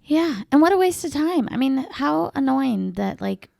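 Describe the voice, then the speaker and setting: A woman's voice: sits high, expressive, normal speed, creaky, mellow, no echo, clean studio sound. A woman co-hosting a casual podcast, reacting emphatically to stories. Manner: reactive listener with emphatic exclamations. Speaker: podcast co-host. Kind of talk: casual chat.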